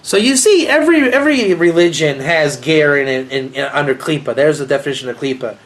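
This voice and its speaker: A man's voice: fairly high pitch, fairly quick. A man, a rabbi, giving a rambling, joking informal lecture to a small group and asking them questions. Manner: rambling, joking, animated, asks the audience questions.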